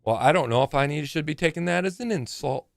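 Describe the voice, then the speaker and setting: A man's voice: on the high side, animated, fast, creaky, no echo, soft background music. A man in his forties chatting casually on a live game stream, rambling and joking with plenty of swearing.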